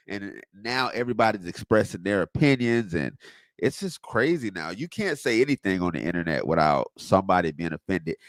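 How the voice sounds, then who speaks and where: This live streamer, a man from Southwest Florida, USA, answers chat casually, spinning stories and reacting to viewer comments with animated energy. He speaks in a mid-range voice, recorded with clean studio sound and no room ambience.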